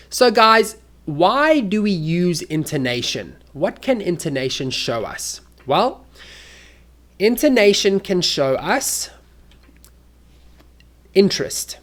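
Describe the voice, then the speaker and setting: A man teaching an English lesson, demonstrating intonation with exaggerated examples. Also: fairly high pitch.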